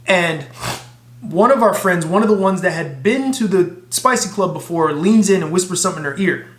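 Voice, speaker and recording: A man casually telling a profane, animated story to his camera. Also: high-pitched, moderate pace, echoey room. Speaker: vlogger.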